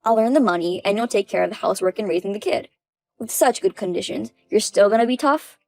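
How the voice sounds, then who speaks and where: A woman's voice: medium pitch, quick pace, a little mellow, lightly acted. A woman reading as a smug bullying ex-husband. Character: arrogant, scheming ex-husband in his forties. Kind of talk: text-story reading.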